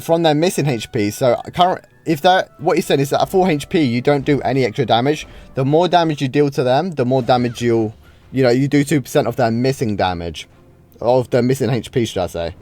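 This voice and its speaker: A British gaming streamer comments casually on his own live game duels, reacting often with frequent wows and restarting his sentences. His voice is a little high and a little mellow, with faint game music playing behind him.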